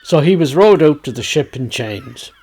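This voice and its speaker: A man with a Dublin accent reciting a tale in a measured, storytelling manner. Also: on the high side, big pitch swings, darkish tone, breathy edge.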